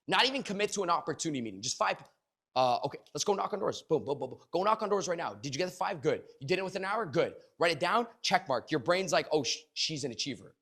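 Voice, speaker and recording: Guy coaching a sales crowd, kinda high voice, repeats himself a lot, swears, gets loud then drops real quiet. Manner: punchy and repetitive, swears casually, acts out dialogue; swings between loud bursts and low, quiet asides. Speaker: sales trainer. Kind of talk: motivational sales training talk.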